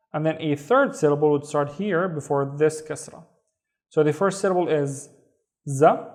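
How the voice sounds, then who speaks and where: A man teaching an online language lesson, speaking slowly and carefully, with a Saudi Arabic accent, repeating each word for pronunciation. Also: fairly high pitch.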